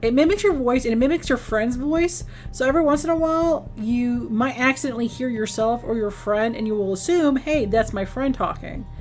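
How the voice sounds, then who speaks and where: This woman is gaming on a live stream and talking casually, speaking briskly with few pauses. Her voice sits fairly high but has a darkish tone, and her rambling chat includes restarts and acted-out quotes.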